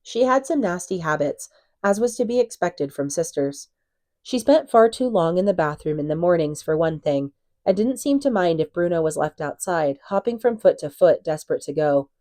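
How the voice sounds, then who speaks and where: Female reader for a chapter book: low voice, calm and even, dry close sound. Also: normal speed, no room sound. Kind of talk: reading a novel aloud.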